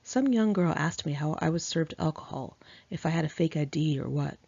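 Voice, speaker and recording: A woman's voice: sits low, a little fast, vocal fry, dark tone, slightly rough, no room sound. A woman reading her own memoir aloud in one take, in a candid, conversational way. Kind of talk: audiobook narration of a memoir. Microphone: home recording, single take. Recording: dull lo-fi dry recording.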